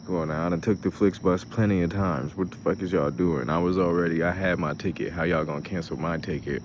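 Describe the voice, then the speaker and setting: A man's voice: low-pitched, fairly even intonation, a little fast, muffled recording, background noise. A young man, hosting a casual travel vlog, rambling and swearing as he talks through his frustration and laughs at it. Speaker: show host.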